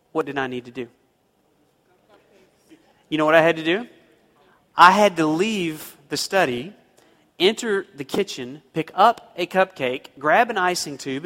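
A man's voice: a little high, animated, moderate pace, long pauses, a bit bright, big-room sound. A man preaching a sermon, telling a homespun story and rising into emphatic pleas. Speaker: pastor.

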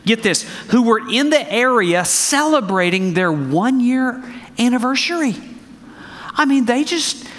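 A man preaching a sermon, animated and conversational, asking the congregation questions as he reads scripture. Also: extremely high pitch, long reverb tail. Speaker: pastor.

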